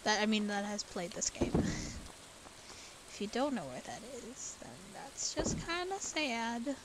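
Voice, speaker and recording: Chatty woman streamer, slow and high. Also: very animated, very noisy. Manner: chatty, talks to herself, sudden loud outbursts. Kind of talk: casual gameplay commentary.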